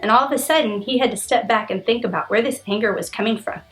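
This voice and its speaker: A woman's voice: fairly high pitch, fast. Earnest woman musing aloud, faint music. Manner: earnest, animated retelling with restarts. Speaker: vlogger. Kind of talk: casual reflective monologue.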